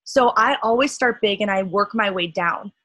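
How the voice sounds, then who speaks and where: A young woman leading a sales team call, chatty and upbeat with lots of fillers, her voice cracking and a bit hoarse. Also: medium pitch, normal speed, fairly bright tone, low-quality recording.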